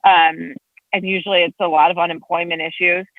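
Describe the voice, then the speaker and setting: A woman's voice: a little fast, dry recording. A woman, a state legislator, chatting as a guest and telling stories with big swings in her voice. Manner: animated storyteller, big pitch swings. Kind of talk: casual chat. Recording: tinny phone-like line.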